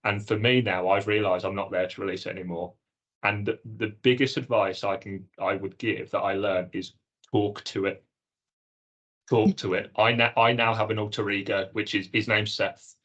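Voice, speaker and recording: A man with a fairly low voice talks casually as a podcast co-host. He tells his story earnestly and animatedly, slipping into little acted exchanges with himself. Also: little pitch movement, moderate pace, fairly bright tone, muffled recording. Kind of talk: casual chat.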